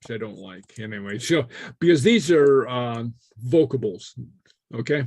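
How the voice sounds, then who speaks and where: A man leads a relaxed class, stopping often on "uh" and chuckling between his points. His voice sits in a middle range and sounds dry and close to the mic, with no room around it. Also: medium pitch, moderate pace, no echo. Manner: hesitant, many fillers and chuckles. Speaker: Gaelic teacher. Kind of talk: casual online class.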